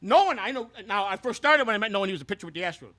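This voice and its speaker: In a scripted comedy bit, a host voices a boastful, brash ex-clubhouse worker from baseball who swears a lot, rambles through stories and stumbles over repeated words. His high voice is animated, rapid-fire, pushed and bright.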